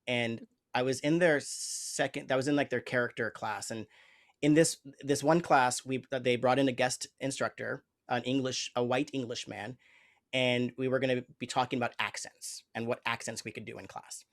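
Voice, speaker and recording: In a conversational interview, the host, a man with a medium-pitched voice, speaks in a steady tone at normal speed. He is an improv teacher explaining his thoughts earnestly and reflectively, often searching for his words.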